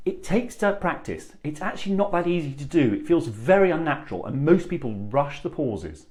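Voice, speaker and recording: A male speech coach explains his craft to viewers in a calm, assured way. His voice rises and falls expressively as he speaks. He slices his sentences into phrases and lets long pauses sit between them. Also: on the high side. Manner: deliberate, with long demonstrative pauses. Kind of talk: presenting tips to camera.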